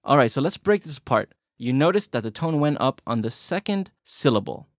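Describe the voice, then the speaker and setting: A man's voice: mid-range voice, big pitch swings, a little fast, no room sound, studio quality. Chatty male language-lesson host. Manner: chatty, self-correcting, joking. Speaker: podcast host.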